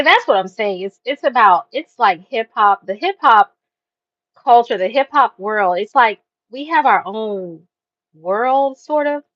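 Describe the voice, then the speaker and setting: A woman hosting a casual chat show, telling stories in an animated way, full of slang. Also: fairly high pitch, no room sound. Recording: dull dry lo-fi sound.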